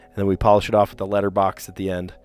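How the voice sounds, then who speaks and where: A man who teaches school, chatting casually on a live stream, his voice sore and hoarse, ranting with lots of fillers and restarts. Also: low-pitched, monotone, rapid-fire, darkish tone.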